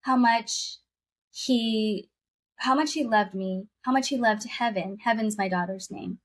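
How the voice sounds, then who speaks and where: A woman's voice: fairly high pitch, unhurried. A woman guest telling a personal story in conversation, earnest and emotional, often repeating her phrases.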